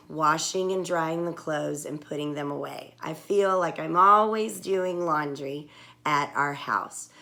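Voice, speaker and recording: A woman teaching a writing lesson to young children, talking slowly and patiently, with clear words. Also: low-pitched, fairly bright tone.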